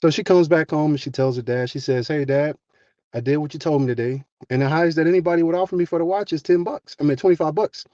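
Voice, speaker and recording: Guy telling a little motivational story, casual and folksy, mellow voice, kinda muffled lo-fi sound. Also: a little high, dry recording. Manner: folksy and conversational, acts out dialogue.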